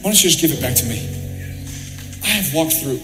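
A man's voice: medium pitch, expressive, brisk. A man giving an impassioned church testimony with a fervent, preaching cadence. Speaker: athlete speaking at church. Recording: echoey hall with music behind.

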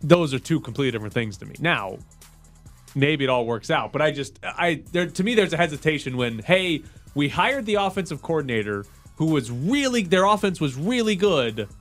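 A man's voice: on the high side, faint music behind. A man hosting a sports radio show, chatting casually and joking about football news. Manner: quick, joking, animated.

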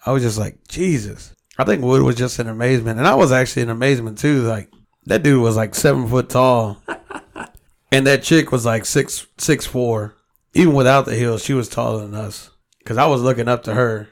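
Male podcast co-host, mid-pitched, loose and profane storyteller. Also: a little fast, gravelly. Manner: storytelling, heavy swearing, quotes himself. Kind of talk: casual chat.

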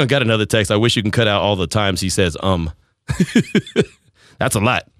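Male radio host, rambling story, bright tone, lively delivery. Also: on the low side, moderate pace, no echo, clean studio sound. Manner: animated storytelling, rambling, laughs at himself. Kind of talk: casual on-air banter.

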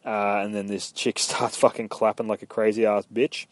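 A man's voice: fairly low pitch, level tone, moderate pace, few pauses, dry recording. A young man casually retelling a game's story in a rambling, profane way, slipping into quoted voices. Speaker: gamer recapping a story.

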